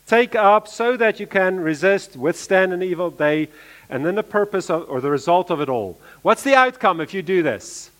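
A man preaching a sermon, repeating key phrases and swinging between emphatic lines and quiet asides. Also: sits high, expressive, moderate pace.

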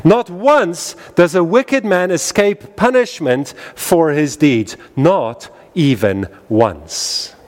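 A man preaching a sermon in an emphatic style, repeating phrases with wide rises and falls in pitch. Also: animated, slow, hardly any pauses. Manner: emphatic, repetitive cadence with wide swings in pitch.

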